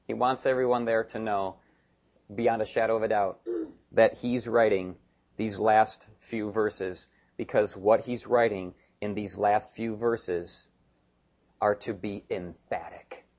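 A male pastor preaching a sermon in an animated, emphatic way, with joking asides. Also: fairly low pitch, lo-fi sound.

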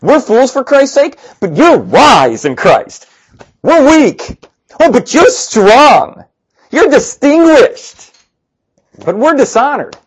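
A preacher voicing the apostle Paul in a high, slow, drawn-out sarcastic sing-song. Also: expressive, dark tone, breathy edge. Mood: mocking.

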